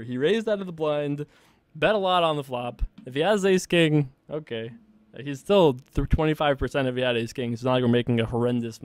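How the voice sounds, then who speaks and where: A man's voice: mid-range voice, no echo. A man hosting an online poker series, giving casual play-by-play of his hands in a laid-back, self-mocking way. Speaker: online poker player and show host.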